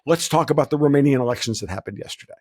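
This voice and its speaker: A man's voice: mid-range voice, very fast, darkish tone. A man talking as a guest in a casual podcast interview, blunt and rambling, often restarting his sentences. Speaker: guest commentator.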